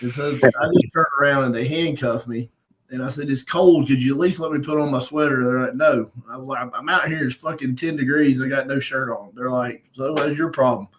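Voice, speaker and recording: A man's voice: mid-range voice, fairly even intonation, a little fast, noisy background. Profane man telling a bar story. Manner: profane, blunt, laughs at his own story. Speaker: podcast host. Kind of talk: casual storytelling on a live stream.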